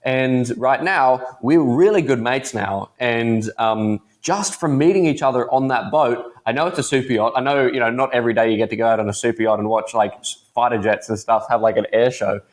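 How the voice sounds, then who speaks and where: A man's voice: mid-range voice, brisk, few pauses. A teenage man with an Australian accent, chatting upbeat and laughing easily as a podcast guest. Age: teens. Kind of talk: casual interview chat.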